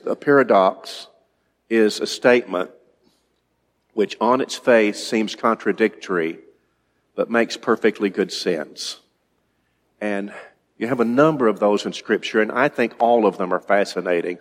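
A male pastor preaching to his congregation, his voice sitting in a middling register. He talks in a halting, thinking-aloud way, restarting and repeating words. The sound carries the long reverb of a large hall. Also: medium pitch. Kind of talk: sermon.

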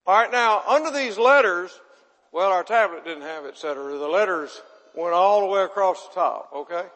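A man's voice: high-pitched, normal speed, fairly bright tone. A man preaching a folksy sermon, chatting with his audience and quizzing them. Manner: chatty, asks the audience questions, self-deprecating. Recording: long hall reverb.

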